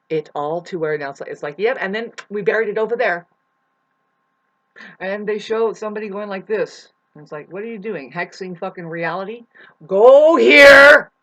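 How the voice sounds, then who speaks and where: A self-styled spiritual teacher giving a profane, preachy monologue, swinging between shouting and muttering. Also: medium pitch, lo-fi sound. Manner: preachy, lecturing the listener.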